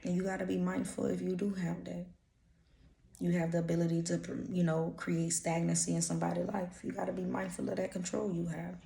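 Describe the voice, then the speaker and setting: A woman's voice: on the low side, monotone, brisk, gravelly, warm tone. Blunt woman, roomy echo. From Louisiana. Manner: blunt, profane, streetwise slang. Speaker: intuitive reader. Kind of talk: casual channeled energy reading.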